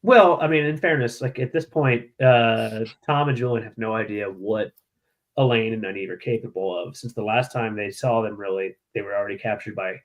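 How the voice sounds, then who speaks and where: A man co-hosting a podcast in casual chat, summarizing chapters with dry, deadpan provocative humor. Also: lowish voice, normal speed. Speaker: podcast co-host.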